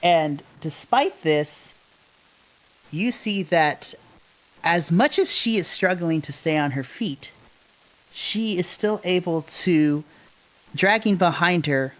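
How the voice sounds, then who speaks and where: A man acts as dungeon master, narrating a tabletop game in a laid-back, descriptive style and chuckling between lines. His voice is on the high side, animated and fairly bright, and he speaks slowly over poor audio.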